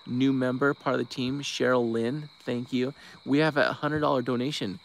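A man's voice: mid-range voice, little pitch movement, normal speed, a little hiss or hum. A man from Oregon, a diver hosting a casual live-stream update outdoors at night, rambling with restarts and thanking donors by name. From Bend, Oregon. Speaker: search-and-recovery diver, live-stream host.

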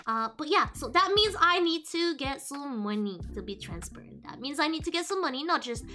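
A woman streamer chats casually to her viewers in a high, bouncy voice that swoops up and down. She is giggly and playful and rambles with many restarts, with soft music playing behind her. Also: animated, a little fast. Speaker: VTuber streamer. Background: faint background music.

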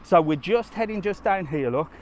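Sitting high in pitch and a little mellow, this man's voice is animated and moves at a moderate pace. As a travel vlogger on a casual live stream, he walks a sunny resort street answering his viewers' questions. Slight background noise is present.

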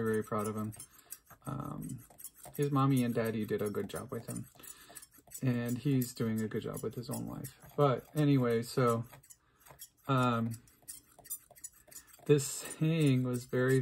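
A man's voice: medium pitch, a little mellow. A middle-aged man hosting an unscripted craft video, rambling and self-mocking as he talks, with plenty of fillers. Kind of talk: unscripted casual craft vlog.

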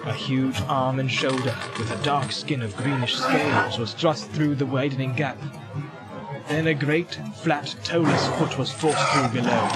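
A man narrating a fantasy audiobook in a steady, dramatic storytelling manner. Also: a little high. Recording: loud music under the voice.

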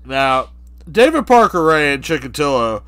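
A man's voice: a little high, very animated, moderate pace, fairly bright tone, smooth, no room sound. A man co-hosting a podcast, telling a crude comic story in a profane, rambling way. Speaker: podcast co-host.

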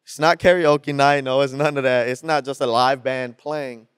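A young man preaching to a youth group in a slangy, energetic style with call-and-response. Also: mid-range voice, moderate pace, clean tone, no echo, studio quality. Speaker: youth pastor. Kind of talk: sermon.

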